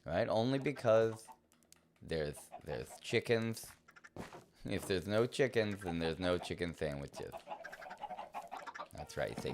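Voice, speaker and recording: A man's voice: deep voice, expressive, slow pace, pauses often, noisy background. A man casually commenting as he plays a game, playful and rambling, talking to himself and to the game. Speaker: streamer.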